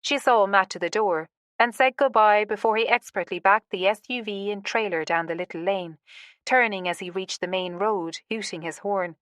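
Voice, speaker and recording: A woman narrating a romance audiobook in a calm, even storytelling manner. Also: medium pitch, normal speed, no echo, studio quality. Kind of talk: scripted narration.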